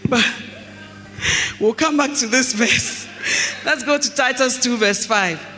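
A preacher giving a sermon, reading scripture slowly and telling stories with acted dialogue. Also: male voice, very high-pitched, sharp tone, faint music behind. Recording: echoey hall, faint mains hum.

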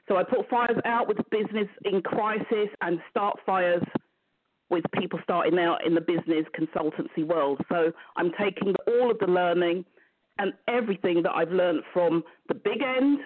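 A woman's voice: fairly low pitch, normal speed. A woman from London with a London accent, a business mentor guest chatting in a playful, upbeat way. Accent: London English. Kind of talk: casual chat. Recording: tinny phone line.

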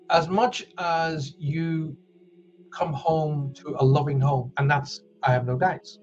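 In lo-fi audio, a medium-pitched, slightly mellow male voice belongs to an Irish host of a live wellbeing show. His talk is casual live-stream banter, joking as he reads viewer comments aloud.

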